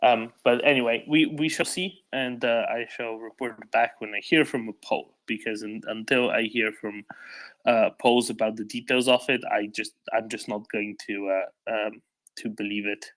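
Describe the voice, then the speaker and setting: A man hosting a live audio discussion, speaking in a measured way with frequent fillers and restarts. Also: fairly low pitch, fairly even intonation, fairly bright tone. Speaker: host of online discussion.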